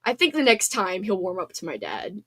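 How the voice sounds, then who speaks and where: A woman's voice: mid-range voice, huge pitch swings, normal speed, fairly bright tone, breathy edge. A woman in her thirties hosting a casual livestream, chatting in a bubbly, talkative way with lots of fillers. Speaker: livestream host reading chat. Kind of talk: casual chat.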